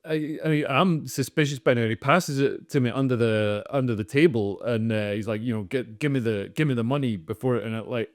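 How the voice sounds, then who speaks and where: A man's voice: medium pitch, fairly quick, few pauses, no room sound, clean studio sound. A man co-hosting a comedy podcast, telling a rambling story full of "like" and "you know". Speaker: podcast co-host.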